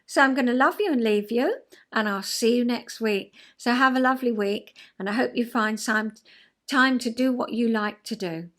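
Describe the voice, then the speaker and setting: A woman's voice: fairly high pitch, moderate pace, a bit bright. An older woman, a former counsellor, telling a rambling, self-deprecating story in casual vlog chat. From England.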